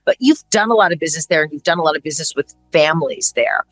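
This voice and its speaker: A woman's voice: sits low, rapid-fire, a bit bright, no room sound. A woman hosting a fireside chat who frames long, winding questions and interjects brief affirmations. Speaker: interview host.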